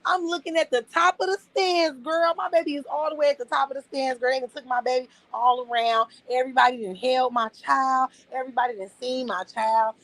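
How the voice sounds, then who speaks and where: A woman in her thirties telling a story in a casual, animated way. She swears freely and calls the listener "girl". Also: sits high, brisk, hardly any pauses, no room sound, low-quality recording. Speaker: vlogger.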